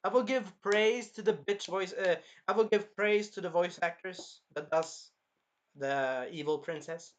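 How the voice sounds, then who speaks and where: Young man, casual anime review, rambling and cursing, animated, slightly high pitch. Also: unhurried, dull audio. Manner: rambling, profane, animated, acts out the characters. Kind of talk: casual reaction commentary.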